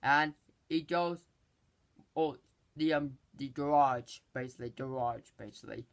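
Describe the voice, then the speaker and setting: Speaking at medium pitch, a movie reviewer goes over a film's plot in a casual, rambling way, stopping often, restarting, and tossing in exasperated asides.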